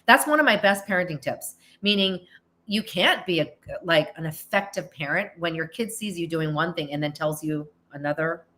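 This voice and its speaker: A woman's voice: lowish voice, normal speed, pushed and bright. A middle-aged woman from the United States hosting a podcast, answering listener questions in casual chat and acting out little quoted lines. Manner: chatty, restarts often and acts out quotes. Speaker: podcast host. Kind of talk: casual Q&A monologue.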